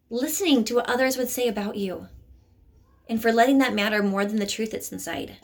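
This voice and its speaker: A woman's voice: on the high side, creaky. A woman giving a motivational self-help talk to camera at home, earnest and coaxing, often checking in with "okay?". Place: at home, moving to a bathroom mirror. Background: young children nearby.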